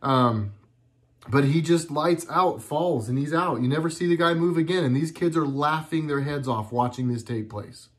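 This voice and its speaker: A middle-aged video blogger with a voice on the high side talks at a moderate pace from home. His casual monologue is earnest but meandering, with sentences he often stops and begins again.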